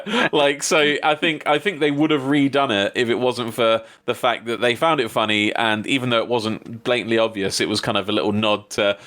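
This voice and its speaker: A man co-hosting a wrestling review podcast in an easy, chatty way. He gets animated as he talks, laughing often and jumping up in pitch when something tickles him. His voice sits at an ordinary middle pitch. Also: brisk, hardly any pauses. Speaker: podcast co-host. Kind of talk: casual wrestling review chat.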